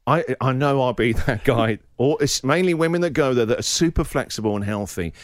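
A man's voice: mid-range voice, animated, a little fast, no room sound, clean studio sound. A radio host in his forties telling a self-mocking comic story, acting out voices and groans. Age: 40s.

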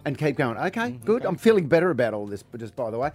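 A man's voice: mid-range voice, big pitch swings, quick pace, a little mellow, faint music behind. An Australian man co-hosting breakfast radio, joking and laughing as he chats. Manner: playful, laughs often. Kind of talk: casual radio banter.

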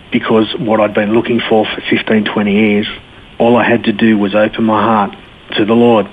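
Slightly rough and fairly low, this interview guest's voice carries a blunt, down-to-earth personal story peppered with slang. The casual chat comes through a phone line with a little background noise.

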